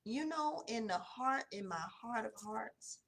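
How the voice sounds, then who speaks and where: Mulher sulista animada, voz brilhante. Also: female voice, measured pace. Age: 40s. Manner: conversational, animated, voice drops low and soft in emotional stretches. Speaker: host of a morning devotional. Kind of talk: personal testimony, casual.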